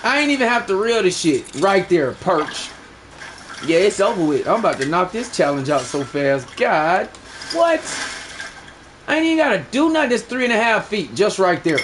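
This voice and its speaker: High-voiced boastful streamer talking to chat. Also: male voice, very animated, moderate pace, noisy background. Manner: boastful, profane slang, talks to chat. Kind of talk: live gameplay commentary.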